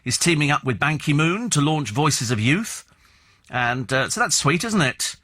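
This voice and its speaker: A man's voice: on the high side, expressive, moderate pace, sharp tone. A male radio presenter reviewing newspaper stories with scornful, sarcastic asides and mocking tag questions, in a studio.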